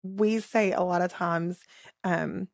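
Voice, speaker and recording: A woman in her thirties co-hosting a casual faith podcast, candid and quick to laugh as she talks about parenting. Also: on the low side, steady tone, creaky, no echo, studio quality. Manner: candid, laughs often, quotes herself talking to her kids. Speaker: podcast co-host.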